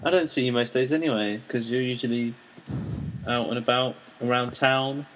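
A man's voice: mid-range voice, steady tone, moderate pace, a bit bright, slight background noise. A young man chatting casually with friends as host, teasing and acting out remembered conversations. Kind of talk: casual chat among friends.

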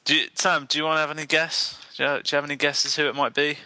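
Bright, jokey man, comedy host. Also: on the high side, level tone, racing. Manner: joking, laughs often. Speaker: podcast co-host. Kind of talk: casual comedy chat.

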